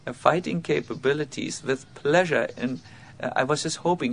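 A man with giving an informal spiritual lecture, halting with many fillers and restarts, and self-mocking. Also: fairly high pitch, vocal fry, heavy background noise. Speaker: spiritual teacher giving a talk.

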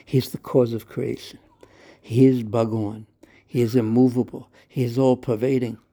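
A tender storybook mother, soothing and patient, explaining slowly to her small son, voiced by a man. the voice is dark and mellow with a gravelly, husky grain. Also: mid-range voice, flat delivery, close to an everyday voice. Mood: gentle. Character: gentle loving mother of the child.

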